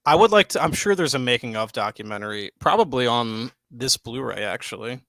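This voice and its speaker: A young man co-hosting a podcast, chatting loosely and excitedly, swearing freely and filling with "like" and "dude". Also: mid-range voice, brisk, no room sound. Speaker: podcast co-host. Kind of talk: casual chat. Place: home studio, live stream.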